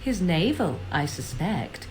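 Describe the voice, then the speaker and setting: A woman's voice: on the low side, very animated, takes it slowly, darkish tone, soft background music, poor audio. An actress playing a cutting, sardonic young witch in a video game. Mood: mocking. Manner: cutting, mocking.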